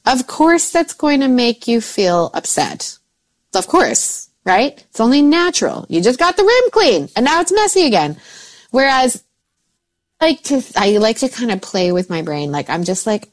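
A woman's voice: mid-range voice, sing-song, normal speed. A woman in her forties, a mindset coach, chatting casually and acting out her own thoughts with laughs. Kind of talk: casual podcast chat.

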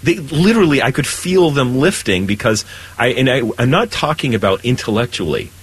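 A priest on a conversational show speaks earnestly and animatedly about faith, his pitch rising when he's stirred. He talks briskly with a breathy edge, and the recording quality is low.

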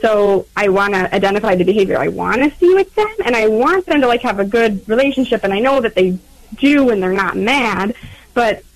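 A woman's voice: mid-range voice, fairly quick, dry recording, low-quality recording. A young mother calling in to a radio show, speaking hesitantly with many ums and likes. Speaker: caller, mother of two. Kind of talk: phone-in call.

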